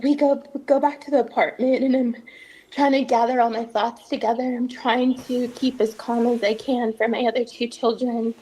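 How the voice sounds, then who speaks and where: A woman's voice: a little high, level tone, moderate pace, dark tone, breathy edge. A woman giving an emotional account in an interview, tearful, her voice breaking at times. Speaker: interviewee recounting a family ordeal.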